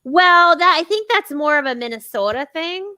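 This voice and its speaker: A woman's voice: very high voice, animated, normal speed, pushed and bright. A woman co-hosting a casual livestream chat, giggly and rambling, often poking fun at herself. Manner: giggly, rambling, self-deprecating. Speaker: co-host.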